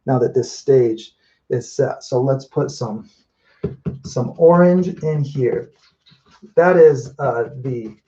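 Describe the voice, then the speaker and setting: A man's voice: medium pitch, mellow, dull audio. A man chatting casually as he paints live, thinking aloud and correcting himself as he goes. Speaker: mural painter.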